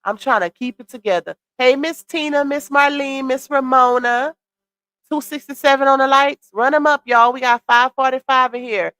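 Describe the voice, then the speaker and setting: A woman hosting a casual livestream, reacting to gossip and shouting out viewers, her voice a little worn. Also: sits high, normal speed, clear, resonant tone, no echo. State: voice slightly worn. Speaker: livestream host. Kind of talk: casual live-stream chat reading comments.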